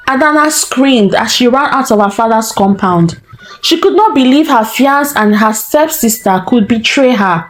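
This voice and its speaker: A woman storyteller narrating a folktale in a slow, deliberate way. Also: a little high, lively intonation, soft background music, poor audio.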